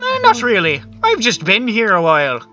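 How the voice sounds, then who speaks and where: A woman's voice: medium pitch, wildly swooping pitch, normal speed, pushed and bright, highs cut off, faint music behind. A woman voicing a laid-back old male fey creature who drawls in lazy slang.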